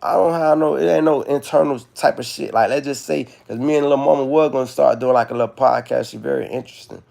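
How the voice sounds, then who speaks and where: A man's voice: mid-range voice, steady tone, quick pace, gravelly, hardly any pauses, darkish tone. A young man talking frankly and rambling on a livestream from his phone, swearing freely as he opens up about heartbreak. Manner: rambling, frank, profane, confessional. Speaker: livestream host. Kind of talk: candid livestream talk.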